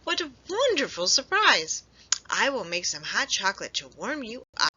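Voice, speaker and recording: A woman voicing a warm old grandfather squirrel in a storybook, who speaks slowly and reassuringly. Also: a little high, huge pitch swings, breathy edge, full character voice. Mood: kindly. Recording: dull lo-fi recording.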